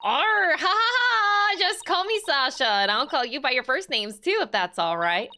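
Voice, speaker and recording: A woman's voice: high voice, big pitch swings, moderate pace, bright, forceful tone, slight background noise, pitched above the performer's own voice, heavily acted. A woman voicing a hammy young female pirate-themed aquarium performer, with over-the-top pirate talk read aloud on a game stream. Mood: pleading.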